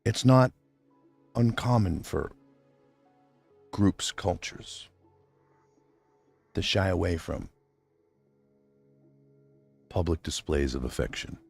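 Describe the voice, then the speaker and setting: Gravelly, husky middle-aged man streaming. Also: low voice, animated, slow pace, long pauses, a little mellow, dry recording, faint music behind. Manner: rambling, heartfelt, addresses his absent wife directly. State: near tears. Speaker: livestream host. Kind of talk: unscripted emotional monologue.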